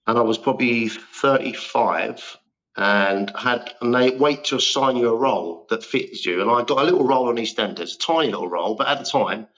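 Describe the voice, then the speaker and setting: Male, 50s, mid pitch, self-deprecating raconteur, lo-fi sound. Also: fairly quick, a bit bright. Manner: rambling self-deprecating storytelling. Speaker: guest actor. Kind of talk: casual interview chat.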